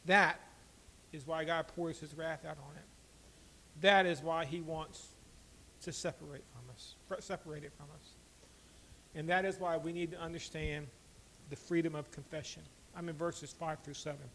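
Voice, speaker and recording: A man preaching a sermon as pastor, swinging between loud emphatic lines and quiet asides, asking the congregation direct questions. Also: fairly high pitch, steady tone, moderate pace, poor audio.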